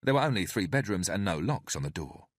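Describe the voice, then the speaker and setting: A man narrates an audiobook in a measured storytelling voice. The voice is very low and husky, and his pitch moves widely. The recording is dry and close, with no room sound. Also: sing-song, dry recording. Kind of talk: scripted narration.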